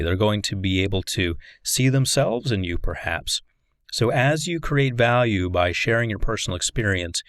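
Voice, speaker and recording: A man's voice: lowish voice, no echo, studio quality. A man giving a recorded life coaching lecture in an earnest tone, often asking the listener rhetorical questions.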